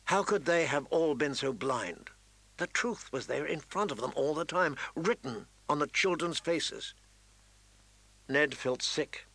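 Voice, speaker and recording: Bright-voiced male audiobook narrator. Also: fairly high pitch, animated, a little slow, slightly rough, no room sound, low-quality recording. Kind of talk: scripted fantasy narration.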